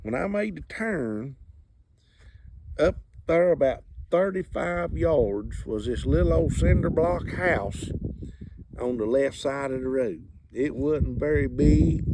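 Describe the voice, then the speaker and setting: A man with a drawl tells a comic story full of colorful country sayings. His voice sits somewhat high for a man. Steady outdoor background noise runs under him. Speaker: comedic storyteller.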